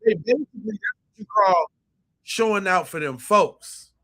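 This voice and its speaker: A man's voice: sits high, moderate pace. A man hosting a podcast, reacting to clips with emphatic, profane commentary. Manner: animated, emphatic, swears freely. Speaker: podcast host.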